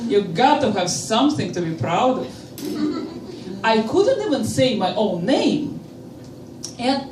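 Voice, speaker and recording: A woman with a Russian accent performing a stand-up comedy set, with a slow, deliberate delivery and playful pauses. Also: fairly high pitch, very animated, background noise. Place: comedy stage before a live audience. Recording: roomy live venue, from a distance.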